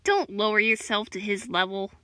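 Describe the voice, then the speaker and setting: A woman voicing a level-headed dinosaur who gives measured, calming advice in a fan audio drama. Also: medium pitch, dry recording, clean studio sound, pitched below the performer's own voice, close to an everyday voice.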